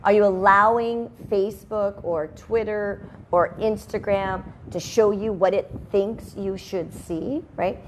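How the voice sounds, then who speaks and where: A woman talks into her microphone at home in a loose, chatty self-help monologue, drifting into sidebars and back again. Her voice sits at a middling pitch for a woman. A faint background noise runs under her. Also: steady tone, takes it slowly, few pauses. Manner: chatty, rambling, with sidebars and laughs. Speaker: host. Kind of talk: casual motivational talk. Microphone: headphones and microphone at a video call setup.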